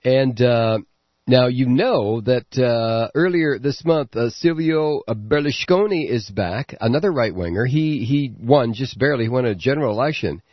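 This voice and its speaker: Man, talk radio host, sarcastic political monologue, husky tone, dry muffled lo-fi sound. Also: medium pitch, dry recording. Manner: sarcastic, animated, halting with many fillers.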